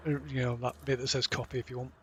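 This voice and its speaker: A man running a tabletop game over an online call, halting and full of fillers while he sorts things out. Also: mid-range voice, completely flat delivery, a bit bright, slight background noise. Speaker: game master.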